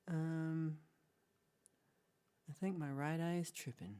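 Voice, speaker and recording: A woman's voice: deep voice, warm tone. A woman chats on a livestream. She rambles through viewers' comments with playful, giggly asides, in a loose, casual way. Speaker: livestream co-host. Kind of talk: casual chat reading live comments.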